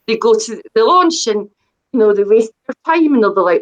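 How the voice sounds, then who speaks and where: Speaking a little high and with expression at a moderate pace, a middle-aged debut author chats in a relaxed interview. She meanders, downplays herself, and keeps restarting amid plenty of fillers, while the audio has its highs cut off.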